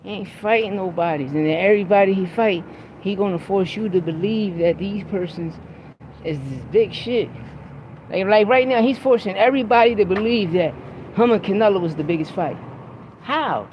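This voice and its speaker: A man's voice: high voice, normal speed, muffled recording, a little hiss or hum. A man hosting a podcast, talking about boxing in a blunt, profane, heated way. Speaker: podcast host. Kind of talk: casual opinionated sports talk.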